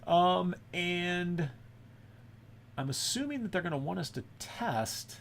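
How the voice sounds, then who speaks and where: A man's voice: high-pitched, lively intonation, takes it slowly, creaky, slight background noise. A man teaching a screen-recorded networking lesson, thinking aloud and often checking in with "right?". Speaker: course instructor.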